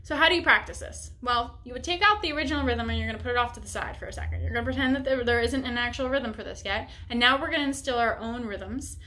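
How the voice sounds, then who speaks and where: A woman's voice: a little high, quick pace, few pauses, pushed and bright. A young woman teaching a music lesson, upbeat and encouraging, explaining each step plainly. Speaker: bassoon teacher.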